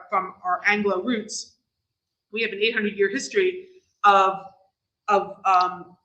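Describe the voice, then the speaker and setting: A woman's voice: mid-range voice, bright, forceful tone, reverberant, rough recording. A middle-aged woman with a New York accent giving an informal lecture, explaining step by step with frequent restarts and fillers. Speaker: guest lecturer.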